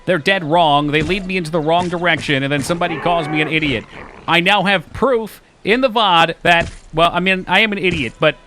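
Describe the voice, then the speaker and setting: A man streaming a game live, chatting casually and excitably, joking and swearing often. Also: on the high side, brisk, slight background noise.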